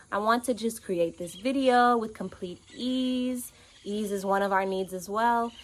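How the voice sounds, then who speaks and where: A woman coaching on inner child healing, talking to camera outdoors in an earnest, animated way with lively quoted asides. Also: mid-range voice. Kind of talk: casual teaching monologue. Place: outdoors in nature with birds and bugs.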